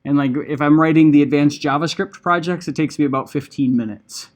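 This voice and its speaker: A man's voice: a little high, fairly quick. Casual man lecturing a class. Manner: casual, conversational, many "like" and "right?" asides. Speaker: instructor.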